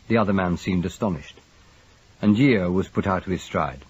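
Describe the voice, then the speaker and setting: A man reads a detective novel aloud in a measured, expressive way. His voice is low and husky, with lively rises and falls in pitch. The recording is dull and lo-fi. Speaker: narrator. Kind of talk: scripted audiobook narration.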